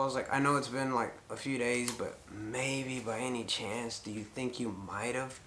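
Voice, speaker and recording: A man's voice: mid-range voice, steady tone, normal speed, few pauses, a bit bright, reverberant, slight background noise. A middle-aged man telling a rambling story to the camera, full of fillers as he retells conversations. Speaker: paranormal vlogger.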